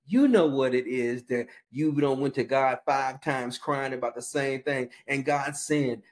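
A man's voice: on the high side, a little mellow. Man preaching a repetitive sermon. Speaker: pastor.

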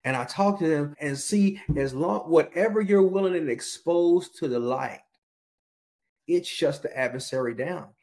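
A man's voice: a little high, a little slow, darkish tone. Man preaching a repetitive sermon. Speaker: pastor.

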